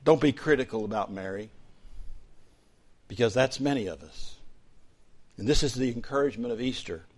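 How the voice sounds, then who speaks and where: A male pastor preaching a sermon, dropping to soft whispers and then rising to loud, fervent emphasis. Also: medium pitch, expressive, moderate pace.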